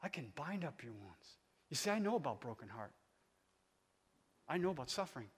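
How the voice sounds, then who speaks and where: A man in his sixties preaching a sermon as a guest speaker, telling stories and calling on the audience, swinging from quiet talk to shouting. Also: medium pitch, big pitch swings, moderate pace, slightly rough. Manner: storytelling, calls on the audience. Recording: long hall reverb.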